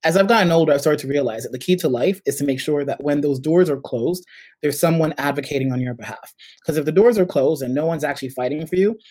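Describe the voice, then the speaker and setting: A man's voice: a little high, quick pace, no room sound, poor audio. A middle-aged man with a New York accent, a startup CEO and guest, telling stories in casual conversation and acting out what others said. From United States. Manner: animated storyteller, acts out quoted voices.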